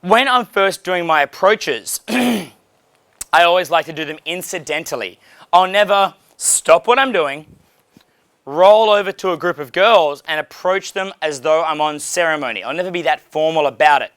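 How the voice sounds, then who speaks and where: A man coaching on dating in a loose, blunt way, swearing casually. His voice is bright and crisp, a touch high for a man. The sound is dry and close. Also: moderate pace, no echo. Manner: blunt, profane, relaxed, frequent laughs.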